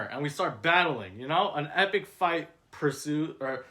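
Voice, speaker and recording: Man, slightly high voice, casual comic storytelling, rambling, filler-heavy, mock-dramatic, frequent restarts. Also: animated, measured pace, bright, forceful tone. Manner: frequent self-corrections and restarts. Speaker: storyteller reading his own script.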